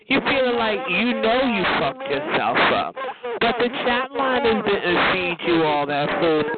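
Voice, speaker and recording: A man's voice: on the high side, very noisy. A man on a phone chat line, mockingly roasting another caller in a sing-song voice and calling him honey and baby. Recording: tinny phone line with crowded chatter.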